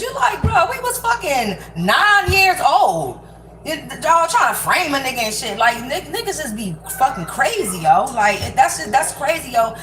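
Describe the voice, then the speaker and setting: Young woman ranting while she cooks, cussing a lot, kinda high voice, echoey kitchen with noise behind. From Prince George's County, Maryland. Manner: blunt, profane, rambling street talk. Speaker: vlogger. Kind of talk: casual rant while cooking. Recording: echoey room with background noise.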